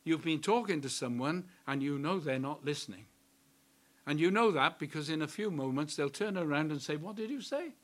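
A man preaching a sermon in a slow, emphatic way, repeating key words for weight. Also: fairly high pitch.

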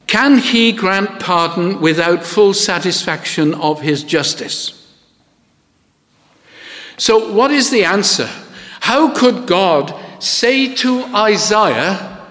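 A man delivers a sermon at an unhurried, deliberate pace, building to emphatic questions. His voice sits a little high for a man. A long church reverb trails behind each phrase. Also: fairly bright tone. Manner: slow, deliberate preaching with rising emphatic questions. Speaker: preacher.

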